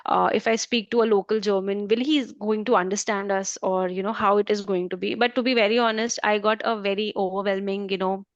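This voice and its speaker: A woman's voice: medium pitch, fairly even intonation, fairly quick, hardly any pauses, dry recording, dull audio. A woman from India with an Indian accent, a German language trainer answering interview questions at length, full of fillers and restarts. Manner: rambling, many fillers and restarts.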